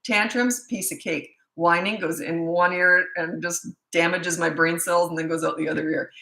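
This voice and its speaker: A woman's voice: lowish voice, fairly even intonation, normal speed, creaky, sharp tone. A middle-aged woman parenting coach, answering viewer questions in a blunt, chatty way with storytelling asides. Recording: echoey room.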